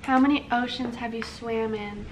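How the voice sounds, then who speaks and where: A woman's voice: on the high side, fairly even intonation, normal speed, heavy background noise. A young woman vlogging, chatting casually and reading out questions to her husband. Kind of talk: casual chat.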